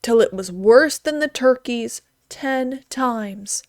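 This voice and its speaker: A woman reading a story aloud in a gentle, expressive way. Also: a little high, slow pace, no echo, studio quality.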